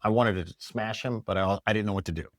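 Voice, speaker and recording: A man, a chiropractor, telling a story in a podcast interview in an animated way, acting out what others said to him. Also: on the low side, quick pace, no room sound, studio quality. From United States. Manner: animated, acts out quoted dialogue. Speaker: chiropractor guest. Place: podcast studio.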